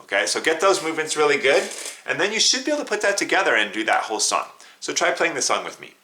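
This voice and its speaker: A man's voice: fairly high pitch, sing-song, quick pace, pushed and bright. A man teaching a beginner flute lesson, patiently coaching students, counting them in and singing note names and tonguing syllables.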